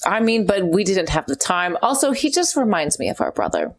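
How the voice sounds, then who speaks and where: Woman doing a controlling bard big sister, earnest, lively swooping voice, middle-pitched. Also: brisk. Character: bossy young woman bard, elder sister songwriter. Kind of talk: in-character tabletop role-play.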